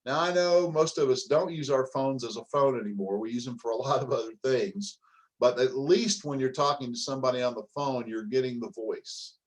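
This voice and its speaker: Middle-aged guy coaching leaders, punchy and emphatic, lots of rhetorical questions, mid-pitched voice. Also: a little fast. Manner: emphatic, fires off rhetorical questions, calls the audience folks. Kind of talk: motivational coaching talk.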